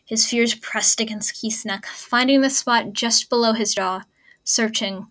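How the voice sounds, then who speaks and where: Soft-spoken woman narrating in a whisper. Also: fairly high pitch, fairly even intonation, a little slow. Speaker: fan fiction reader. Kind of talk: hushed story narration.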